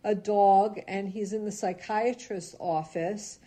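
A woman co-hosting a radio show in a studio, chatting casually and reading jokes in an animated, laughing way. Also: mid-range voice, takes it slowly.

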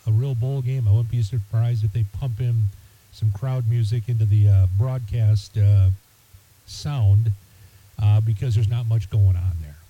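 A man's voice: mid-range voice, mellow, dull audio. A man hosting a radio show, talking casually and rambling with many fillers and restarts. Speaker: radio host. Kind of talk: casual talk radio monologue.

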